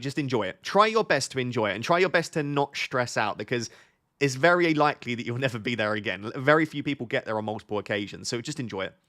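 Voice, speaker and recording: A man's voice: medium pitch, a bit bright. A man chatting casually on a live stream, reading out viewer questions and answering them. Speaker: fantasy football streamer.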